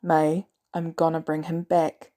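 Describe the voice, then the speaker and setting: A blunt, weary soldier who curses freely, as a woman reads him aloud. The voice is mellow and dark at the core, his words clipped and hard. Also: low voice, completely flat delivery, measured pace. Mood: tender. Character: gruff weary male ex-soldier.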